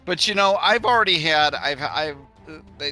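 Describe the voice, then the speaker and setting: A man chats and jokes as a player in a tabletop game. His voice is bright and forceful, with faint music underneath. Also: on the high side, moderate pace. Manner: joking, chatty. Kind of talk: casual table talk.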